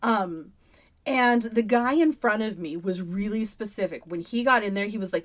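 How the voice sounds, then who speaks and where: Brief: woman podcast co-host, a bit high-pitched, giggly, animated storyteller. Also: normal speed. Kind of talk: casual chat. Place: podcast recording space.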